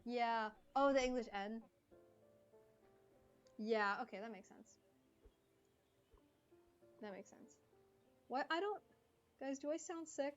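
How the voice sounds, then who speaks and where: A slightly congested woman with a fairly high voice chats away with her stream viewers, replying to messages as they come in. The stream audio is a little dull and lo-fi, with faint music playing behind her. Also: slow pace, long pauses. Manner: chatty, reading and answering chat. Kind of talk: casual live-stream chat.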